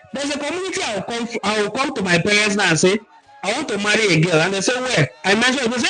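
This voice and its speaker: On his livestream, a cultural talk host with a Nigerian accent speaks in a voice notably high for a man. He teaches animatedly and emphatically, reading out viewer comments. Faint music runs underneath, and the audio is poor.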